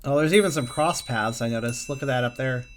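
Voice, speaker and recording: Excitable man narrating a game. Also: mid-range voice, brisk, a little hiss or hum. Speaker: game streamer. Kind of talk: let's play commentary, reading game text aloud.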